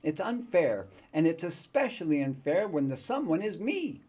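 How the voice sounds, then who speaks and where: A man's voice: a little high, big pitch swings, normal speed, a little mellow, voice pushed up. A man reading as a chatty young woman adventurer. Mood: playful.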